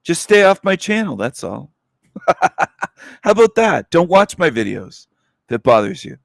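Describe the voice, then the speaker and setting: A man's voice: on the high side, big pitch swings, a little slow, creaky, no echo, studio quality. Profane, scornful man ranting. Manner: blunt and profane, with scornful laughs. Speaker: livestream host. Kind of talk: angry rant.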